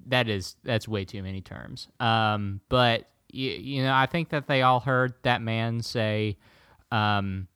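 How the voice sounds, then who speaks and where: A man's voice: fairly low pitch, takes it slowly, a bit bright, clear, resonant tone, no echo, clean studio sound. A man co-hosting a podcast, chatting casually and joking around. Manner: joking, puts on silly impressions. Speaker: podcast co-host. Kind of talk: casual banter.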